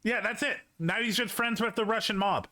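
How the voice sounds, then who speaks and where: A man with an unusually high voice chats casually on a stream. His tone is bright and sharp as he teases his friends. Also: a little fast. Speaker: stream guest.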